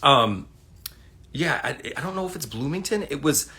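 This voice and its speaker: Bright-voiced man rambling through a story. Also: fairly high pitch, lively intonation, normal speed. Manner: rambling, profane, laid-back. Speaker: livestream host. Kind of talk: casual storytelling. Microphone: phone livestream.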